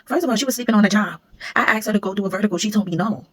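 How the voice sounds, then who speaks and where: A woman's voice: medium pitch, breathy edge. A woman, a former security supervisor, casually telling a storytime vlog and acting out what others said. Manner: rapid, animated retelling, acting out what others said.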